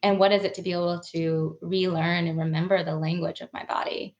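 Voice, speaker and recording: A woman's voice: lowish voice, flat delivery, fairly quick, darkish tone, lo-fi sound. A woman guest on a podcast, speaking earnestly and emotionally about her own growth, laughing often. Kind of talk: reflective conversational interview.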